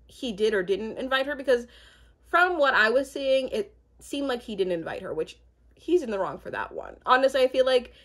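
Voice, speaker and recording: A woman's voice: fairly high pitch, animated, normal speed, fairly bright tone. A young woman in casual chat, rambling with many fillers and asides as she recaps a reality show.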